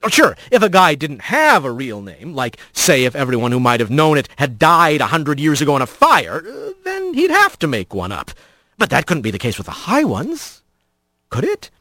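A man narrates a storybook with an expressive, animated delivery. His voice sits high and moves through a wide range. The recording is close and completely dry. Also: normal speed, dry recording. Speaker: audiobook narrator.

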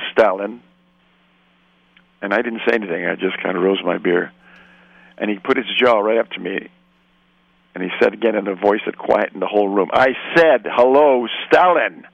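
An older man from Canada tells long, rambling anecdotes as a guest on a radio interview, slipping into the voices of the people he describes. His voice is gravelly and husky. The sound is dry and dull, with a muffled radio quality. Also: on the low side, fairly even intonation, normal speed, pauses often, dry recording. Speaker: guest film director.

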